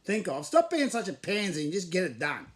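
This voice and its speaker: A man's voice: high-pitched, very animated, a little fast. A man in his forties with an Australian accent, hosting a casual chat and trash-talking his guest with heavy swearing. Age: 40s. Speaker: host.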